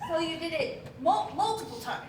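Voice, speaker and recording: A woman's voice: very high voice, lively intonation, moderate pace, recorded from a distance. A woman playing an appalled neighbor parent in a sketch, incredulous and flustered. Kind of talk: sketch comedy. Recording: echoey stage from afar, noise.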